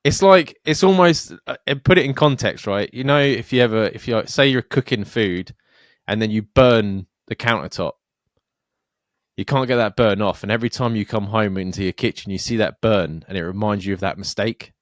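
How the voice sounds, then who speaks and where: A man's voice: on the low side, normal speed, dry recording, clean studio sound. A young man co-hosting a podcast, ranting and joking with plenty of swearing. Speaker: podcast co-host. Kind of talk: casual chat.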